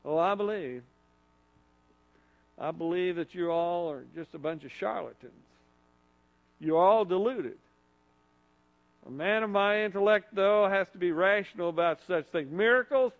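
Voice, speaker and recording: A man's voice: high-pitched, unhurried. A preacher voicing a troubled father. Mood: cynical. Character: troubled middle-aged father of a sick boy.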